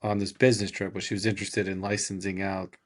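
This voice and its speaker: Low-voiced man telling a story. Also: fast talker. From California, USA. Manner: animated anecdote-telling, acting out quoted dialogue. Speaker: podcast guest. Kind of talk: casual storytelling.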